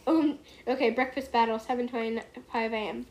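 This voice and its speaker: A woman's voice: a little high, steady tone, moderate pace, a little mellow, rough recording. A young female reader, likely a teen, eagerly reading a funny diary-style book aloud at home.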